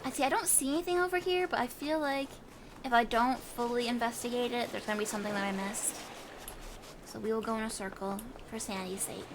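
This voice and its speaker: A woman with a fairly high voice plays through a game on stream, talking casually and poking fun at herself. Noticeable background noise sits under her voice throughout. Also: quick pace. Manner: chatty and self-deprecating, musing aloud. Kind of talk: casual let's-play commentary, reading game text aloud.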